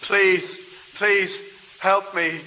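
A man's voice: fairly high pitch, normal speed, bright, forceful tone, in a large hall. An actor playing a frightened male scientist held by dolphins, pleading nervously in a comedy sketch.

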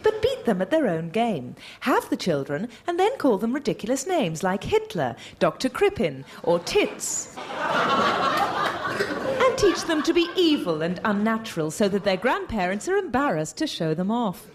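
A woman's voice: fairly high pitch, wildly swooping pitch, normal speed, background noise. A woman reading scripted comic advice in a mock-informative tone.

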